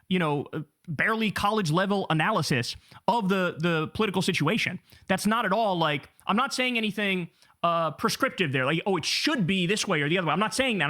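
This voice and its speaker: A man in his thirties streaming, reading an article aloud and reacting with profane, animated swagger. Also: sits high. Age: 30s.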